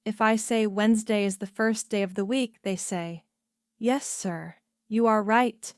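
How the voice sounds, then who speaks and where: A woman voicing a polite young royal prince in storybook dialogue, in a courteous, gently amused manner. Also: mid-range voice, fairly even intonation, measured pace, smooth, no room sound, clean studio sound, close to an everyday voice.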